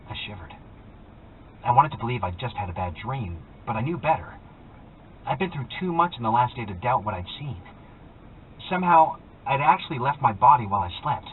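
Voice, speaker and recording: A man's voice: mid-range voice, sing-song, brisk. A man reading a first-person story aloud in a wry, conversational way, heard over a tinny, phone-like line with faint noise. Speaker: audiobook reader. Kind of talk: scripted first-person narration.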